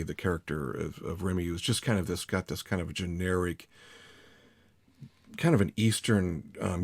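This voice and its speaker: A man's voice: low-pitched, no room sound. A man talking shop about narrating audiobooks in a casual, rambling chat, with lots of restarts and fillers. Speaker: audiobook narrator, podcast host. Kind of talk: casual conversation.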